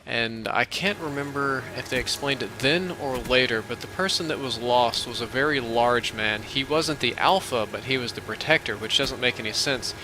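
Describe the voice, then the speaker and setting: A man's voice: medium pitch, moderate pace, hardly any pauses, background noise. A man casually telling a long dream story, rambling with fillers and restarts. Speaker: gaming channel host.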